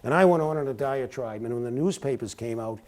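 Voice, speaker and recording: A middle-aged man speaking to a university audience, spinning career stories with lively energy. His voice sits at an ordinary pitch with a dark, mellow tone. Now and then he breaks into a sports announcer's rhythm. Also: a little fast. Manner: animated storyteller, slips into sportscaster cadence. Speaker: speaker giving a talk. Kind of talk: motivational talk with anecdotes. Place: lecture hall at a university.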